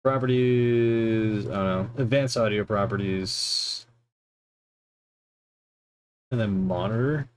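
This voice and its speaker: A man's voice: on the low side, slow pace, pauses often, slight background noise. A man streaming a game, rambling and mocking himself as he mutters through settings and chats. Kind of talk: casual gaming livestream chatter. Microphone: desk mic with headphones monitoring.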